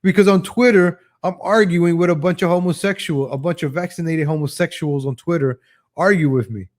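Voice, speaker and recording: Male commentary host, native Spanish speaker, higher-pitched, sarcastic and ranting. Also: brisk, a little mellow. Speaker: show host. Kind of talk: opinion commentary show.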